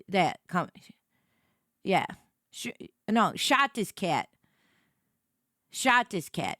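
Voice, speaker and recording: Woman streamer, playful rambler who stumbles over her words, high voice, dry close sound. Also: bright, forceful tone, no room sound. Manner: rambling and playful, stammers and repeats herself, swears. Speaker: livestreamer. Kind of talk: casual stream chat.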